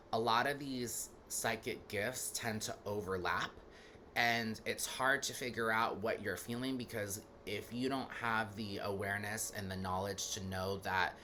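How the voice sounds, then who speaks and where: A man's voice: on the low side, sharp tone, slight background noise. A man giving a casual, rambling talk as a spiritual teacher, full of fillers, who laughs now and then while telling stories.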